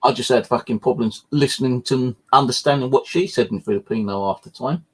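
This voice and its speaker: A man's voice: medium pitch, fairly quick, husky. A man hosting a live stream, chatting casually and rambling with frequent swearing and fillers. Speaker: channel host.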